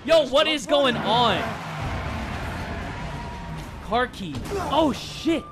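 High-voiced gamer freaking out and laughing, slow, music under it. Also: sing-song, a crowd in the background. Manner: startled, laughing swearing. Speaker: let's player. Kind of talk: gaming reaction commentary.

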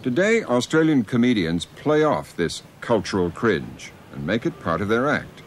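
Lively low-voiced male documentary narrator. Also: moderate pace, a little hiss or hum. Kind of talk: scripted narration.

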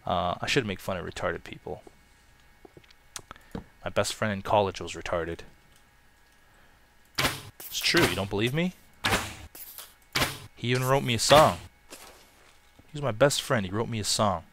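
Slow-talking man narrating a game. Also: fairly low pitch, background noise. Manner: chatty, self-mocking, loud excited outbursts. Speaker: let's play gamer. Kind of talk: casual game commentary.

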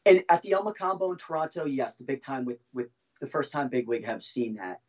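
A man telling his own story as a podcast guest, halting and restarting often as he talks. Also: medium pitch, darkish tone, dull audio. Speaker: guest, former band drummer. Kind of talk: casual podcast interview storytelling.

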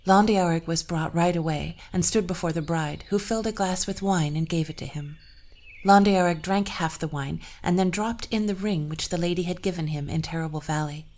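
A woman narrating an old folktale and adding her own commentary, in a measured, even way. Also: on the low side. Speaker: storyteller and podcast host.

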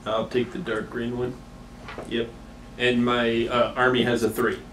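A man's voice: medium pitch, little pitch movement, a little slow, a bit bright. A man playing a tabletop game, stating the rules in a plain, matter-of-fact way. He is recorded from across an echoey room. Faint noise sits behind him. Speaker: player. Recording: echoey room, far mic.

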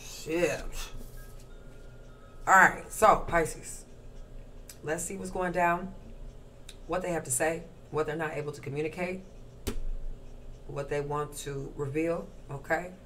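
Her voice sits low and stays steady, fairly bright, slow and broken by long pauses, with some hiss or hum audible. She's a tarot reader doing a casual reading to camera, brash and profane, rattling off rhythmic lists while smoking and crunching ice.

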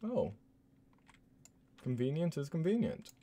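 A man's voice: a little high, huge pitch swings, slow, warm tone. A man streaming a game, giving casual, joking commentary and laughing often.

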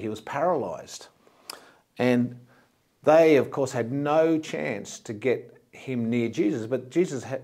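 A man's voice: medium pitch, warm tone. A man from Australia, a pastor, preaching a sermon in a plain, explanatory way and often repeating words as he goes.

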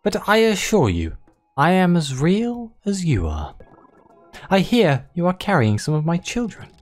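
A game player voicing a gentle, motherly giant female creature queen from a video game, reading her lines with a cooing, doting manner. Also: mid-range voice, huge pitch swings, measured pace, faint music behind, voice pushed up. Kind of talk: reading game dialogue aloud.

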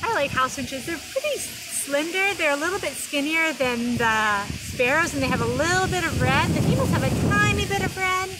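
Woman preschool teacher, high and unhurried, sing-song and exaggerated, noisy home recording. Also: lively intonation. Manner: gentle, sing-song, exaggerated for small children. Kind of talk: video lesson for young children. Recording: noisy background.

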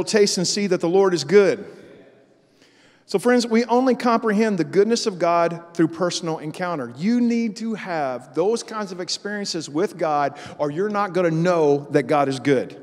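Pastor guy preaching, tells stories all animated, high voice, big hall echo. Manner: storytelling, animated and loud in acted-out parts. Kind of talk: sermon. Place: church sanctuary.

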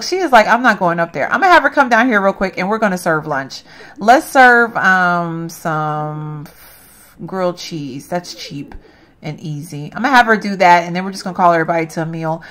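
A woman commenting casually on her gameplay, chatty and reacting loudly to what happens, often calling out to viewers. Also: mid-range voice. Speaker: gaming channel host.

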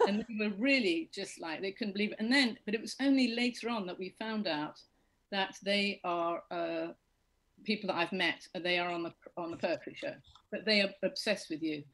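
A woman's voice: mid-range voice, a bit bright, low-quality recording. Rambling, joking British woman. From Britain. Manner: rambling, self-deprecating storytelling. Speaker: comedian guest. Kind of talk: casual chat.

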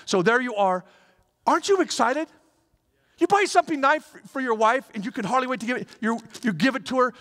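A middle-aged man preaching a sermon in a lively, conversational way, acting out little scenes as he goes. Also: extremely high pitch, brisk. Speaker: pastor. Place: church sanctuary. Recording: reverberant hall.

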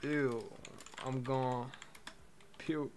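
A male streamer chatting offhand with an AI bot, mumbling and halting, with a teasing tone. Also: medium pitch, flat delivery, slight background noise. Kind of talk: casual live-stream chat with an AI bot. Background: faint keyboard typing.

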